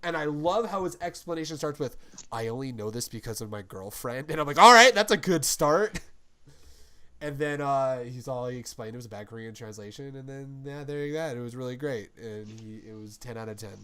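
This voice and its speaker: A man's voice: medium pitch, fairly quick, clear, resonant tone. A man co-hosting a podcast, telling a rambling story in casual chat with crude jokes and frequent laughs. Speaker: podcast co-host.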